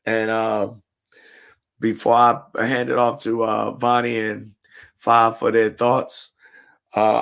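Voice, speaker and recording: A man hosting a podcast, talking in a measured, deliberate way. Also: mid-range voice, gravelly. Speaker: podcast host. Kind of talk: casual podcast discussion.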